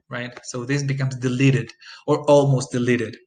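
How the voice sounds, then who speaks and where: A man teaching English phonetics in a recorded lesson, explaining sound changes and repeating example phrases slowly, with frequent ums and uhs. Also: medium pitch, fairly even intonation, a little mellow, slight background noise, rough recording. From Costa Rica.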